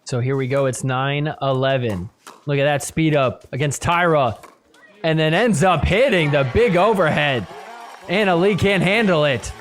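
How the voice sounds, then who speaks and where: A man hosting a podcast, recapping a match in play-by-play commentary and getting loud and excited at the big points. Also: on the high side, moderate pace, slight background noise. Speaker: podcast host.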